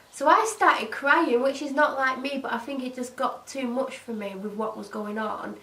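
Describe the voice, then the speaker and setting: A woman's voice: high voice, normal speed, few pauses, roomy sound, recorded from a distance, low-quality recording. A woman casually telling a story about her old job, acting out what each person said. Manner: animated retelling, voicing other people's lines. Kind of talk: casual story-time monologue.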